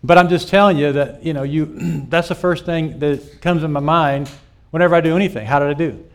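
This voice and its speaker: A man's voice: fairly high pitch, fairly quick. A middle-aged man, a pastor, giving a conversational teaching talk to small group leaders at a live church meeting. He tells stories and puts rhetorical questions to his listeners. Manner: storytelling, with rhetorical questions to the audience.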